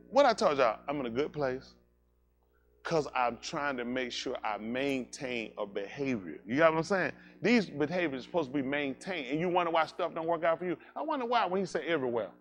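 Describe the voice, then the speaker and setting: An animated male pastor preaching a sermon in loose, casual vernacular, joking with his congregation as he goes. His voice sits a touch high and swings widely up and down. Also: fairly quick.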